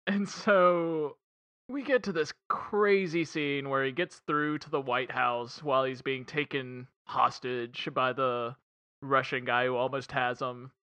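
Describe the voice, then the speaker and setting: A man's voice: mid-range voice, fairly even intonation, measured pace, sharp tone, dry recording. A man casually recapping a movie with a friend, laughing often, swearing and acting out lines. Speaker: podcast co-host.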